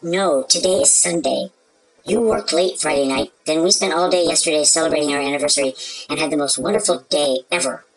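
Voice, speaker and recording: A woman's voice: deep voice, brisk, natural voice, rough recording. A woman playing a concerned wife in a scripted comedy sketch, earnestly explaining herself to her husband. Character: devoted, puzzled wife in a skit.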